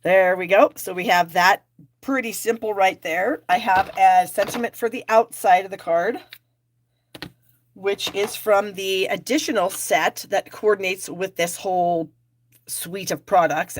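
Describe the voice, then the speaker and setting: A woman's voice: medium pitch, slight background noise. A middle-aged woman hosting a live card-making class, chatting and joking at her own expense while she works. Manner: chatty, self-deprecating, talks while working. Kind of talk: live craft demo with viewer chat.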